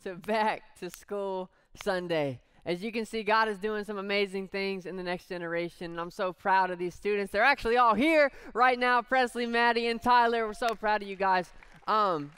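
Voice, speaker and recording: A man's voice: high voice, moderate pace, bright, forceful tone, clear, resonant tone, soft background music. A man who is the church's youth pastor, speaking upbeat and proud to the congregation. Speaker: youth and young adults pastor. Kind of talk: church service announcement.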